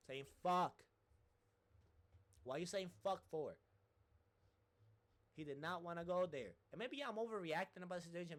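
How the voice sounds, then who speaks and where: A man's voice: mid-range voice, a bit bright. A man giving a casual, rambling sports rant as a streamer, repeating himself and swearing freely.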